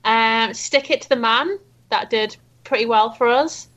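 Giggly woman, slightly high voice. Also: a little slow, fairly bright tone, dull audio. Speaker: game company guest. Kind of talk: casual chat on a livestream.

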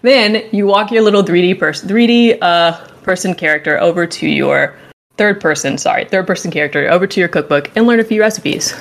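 A woman's voice: fairly low pitch, a little fast, gravelly. A woman hosting a casual show, chatting animatedly and jokingly as she reviews a game. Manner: animated, joking, rambling and enthusiastic. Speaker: podcast host reviewing a game. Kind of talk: casual chat.

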